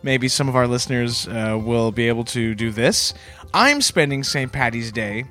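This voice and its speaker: A man co-hosting a comedy podcast in earnest, mild banter with a quick chuckle. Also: mid-range voice, expressive, pushed and bright, faint music behind. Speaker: podcast co-host.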